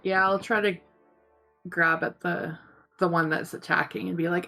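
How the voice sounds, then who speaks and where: A woman's voice: on the low side, little pitch movement, normal speed, creaky, pushed and bright, soft background music. A woman playing a tabletop game, casually describing what her character does. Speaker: player.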